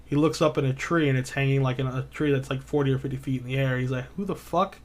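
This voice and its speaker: Rambling, monotone male podcast co-host. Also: mid-range voice, fast talker. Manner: rambling retelling, heavy swearing, filler words. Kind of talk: casual chat.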